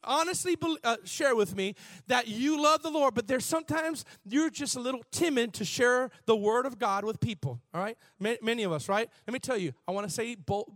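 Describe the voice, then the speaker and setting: A man preaching a sermon in an animated, conversational way, shifting from soft asides to shouts. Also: sits high, no echo, clean studio sound. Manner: conversational, laughs and repeats words. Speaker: pastor.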